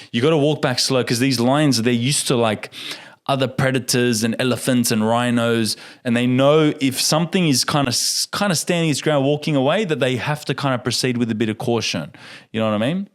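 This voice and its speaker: A young man chatting as a guest on a podcast. He tells a story with energy, breaks into laughs often and acts out the lines of the people in it. His pitch sits in the middle range for a man. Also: fairly quick. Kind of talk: casual storytelling.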